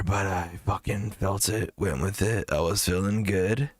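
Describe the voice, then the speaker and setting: A man's voice: sits low, steady tone, measured pace, no echo. A man hosting a live music review stream, talking in a rambling, profane, jokey way. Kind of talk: casual livestream chat.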